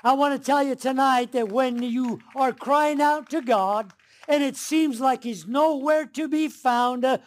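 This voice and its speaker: A male pastor with a very high-pitched voice delivers an evening sermon. He speaks slowly and deliberately, stopping often with "uh" as he gathers his thoughts. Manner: earnest, slow and deliberate, frequent "uh" fillers.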